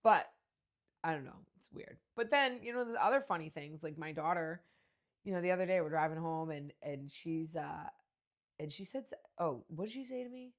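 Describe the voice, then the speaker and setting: A woman's voice: sits low, expressive, moderate pace. A woman in her forties hosting a podcast, telling casual stories in a brash, profane way with frequent laughter. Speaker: podcast host. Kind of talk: casual storytelling monologue.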